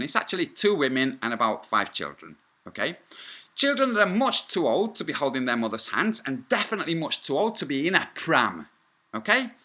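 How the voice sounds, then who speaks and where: This man tells his story in a hard, pushed voice that rides a little high. He swings his pitch up and down a lot as he gets heated. He sounds combative and swears freely, breaking off into side remarks. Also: sharp tone. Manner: combative, profane, rambling asides. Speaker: vlogger. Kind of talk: angry first-person storytelling.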